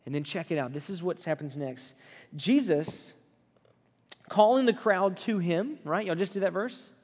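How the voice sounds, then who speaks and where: A man preaching a conversational sermon to a group, lively and often checking in with his listeners. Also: sits high, measured pace. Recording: long hall reverb.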